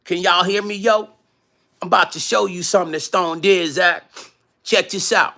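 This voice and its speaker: A brash young New York homeboy , as a man puts him on, who hypes up his friend in thick street slang. He has a New York accent and a bright, ringing voice pitched a little high, and he keeps saying yo and hold up between phrases. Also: steady tone, moderate pace, gravelly, exaggerated voice. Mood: hyped.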